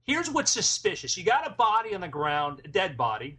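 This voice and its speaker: A man's voice: high-pitched, huge pitch swings, brisk, pushed and bright, slightly rough. A man running an improvised murder mystery, laying out the case in a laid-back way. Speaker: game master.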